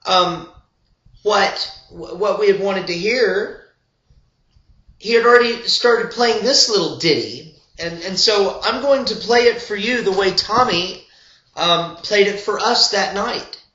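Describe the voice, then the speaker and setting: Older man telling a rambling tale, bright and high. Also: slow pace. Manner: meandering, full of digressions and asides. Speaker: storyteller and old-time fiddler. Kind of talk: rambling humorous storytelling. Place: at home. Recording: roomy, slightly dull home recording.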